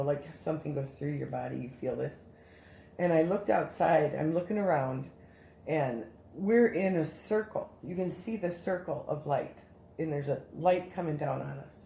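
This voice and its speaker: A woman casually telling a story as a guest, animated and rambling with many restarts. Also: sits low, normal speed, gravelly, reverberant, slight background noise.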